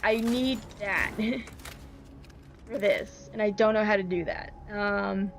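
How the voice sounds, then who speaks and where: A woman's voice: mid-range voice, slow. A woman streaming from home, flustered and apologetic, filling her talk with ums while she fixes her setup. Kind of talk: casual live-stream talk.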